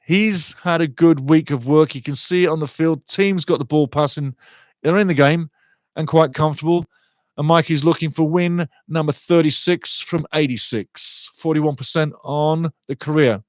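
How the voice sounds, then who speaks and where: A middle-aged man doing live fan commentary of a football match, chatty and excitable, greeting viewers by name. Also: fairly high pitch, no room sound.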